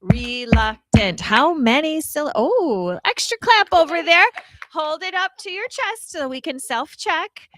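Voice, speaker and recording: A woman's voice: extremely high pitch, measured pace, dry recording, soft background music, rough recording. A woman teacher on the school morning announcements, playful and joking with the children. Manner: playful, animated, tells jokes to children.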